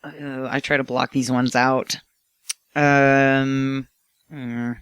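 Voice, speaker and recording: A man co-hosting a casual movie podcast, playful and quick to laugh. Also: mid-range voice, flat delivery, a bit bright, clean tone, no echo. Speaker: podcast co-host.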